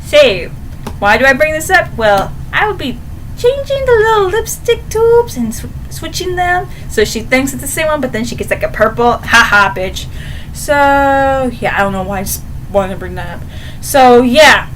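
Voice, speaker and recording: A young woman reviews a book for her channel in a casual, playful way. Her voice sits high and she swings into loud, dramatic asides. A faint hiss runs under the recording. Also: big pitch swings, moderate pace.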